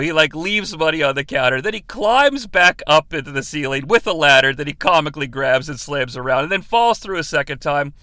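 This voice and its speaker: Male podcast host, comedic movie review; high, bright, dry-sounding voice. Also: no echo. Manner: animated, profane, jokey.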